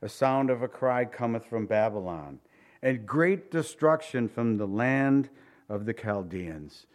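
Guy preaching thru a bible chapter, reads the verses then chats about them, gets animated sometimes. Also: medium pitch. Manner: reads scripture aloud then comments conversationally; animated, acts out incredulous reactions. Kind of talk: verse-by-verse sermon.

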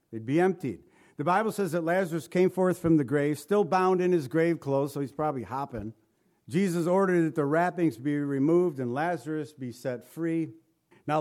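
A man preaching an Easter sermon, asking the congregation questions and quoting scripture. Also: on the high side. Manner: animated, rhetorical questions to the congregation; quotes scripture in old-style wording. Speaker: pastor.

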